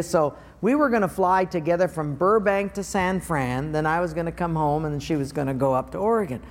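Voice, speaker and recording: An older man preaching a sermon as pastor, animated, acting out everyday scenes in playful voices. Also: on the high side, a little fast, hardly any pauses. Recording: reverberant hall.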